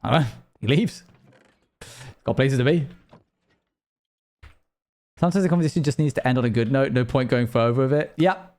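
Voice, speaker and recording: A man's voice: medium pitch, normal speed, long pauses, a little mellow. Chatty rambling male game streamer. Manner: rambling, chatty, talks to viewers. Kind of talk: casual live-stream chat while gaming.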